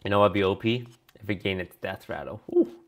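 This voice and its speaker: A man's voice: deep voice, brisk. A man streaming a card review in casual commentary, reading card text aloud and answering viewers offhandedly.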